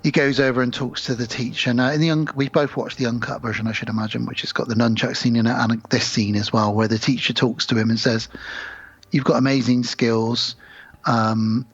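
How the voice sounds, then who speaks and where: A man's voice: medium pitch, fast, few pauses, husky, dry recording, dull audio. A man co-hosting a podcast, casually retelling film scenes and acting out the lines. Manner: animated storyteller acting out lines. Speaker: podcast co-host.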